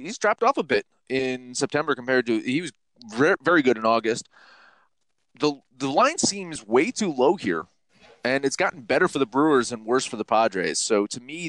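A man's voice: mid-range voice, a bit bright, dry recording. A man co-hosting a sports betting podcast, talking through his picks casually and swearing often.

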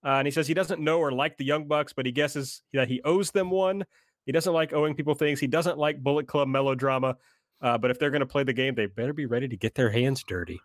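A man's voice: mid-range voice, quick pace, no room sound, clean studio sound. A man in casual podcast chat, running through recaps steadily. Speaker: podcast co-host recapping the show.

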